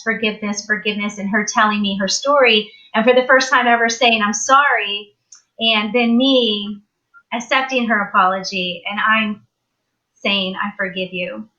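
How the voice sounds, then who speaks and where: A woman guest on a live talk show, telling a personal story in an animated way and acting out the people she quotes. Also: fairly high pitch, highs cut off.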